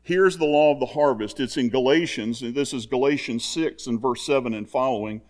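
An older man delivers a sermon in an earnest, conversational way, circling back to the same simple points again and again. His voice sits at an ordinary pitch for a man, neither high nor low. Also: fairly quick, a little mellow. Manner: earnest, conversational, repetitive exhortation. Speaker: preacher.

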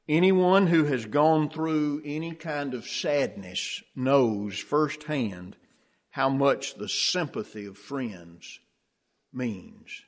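A man preaching a sermon in a slow, measured way, lifting his voice to stress key phrases. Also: mid-range voice.

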